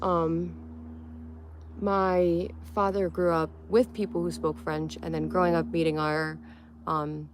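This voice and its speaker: A woman's voice: fairly low pitch, flat delivery, slow, a little hiss or hum. Chatty young woman on a livestream. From Connecticut, USA. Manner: chatty, playful, answers chat one by one. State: tired. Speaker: livestream host. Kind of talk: casual livestream chat reading comments.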